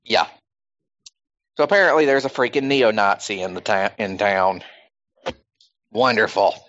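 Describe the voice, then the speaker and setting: A man's voice: fairly low pitch, measured pace, fairly bright tone. Podcast host guy rambling along, lots of uhs and likes, kinda dull muffled recording. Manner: rambling, filler-heavy. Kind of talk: casual chat.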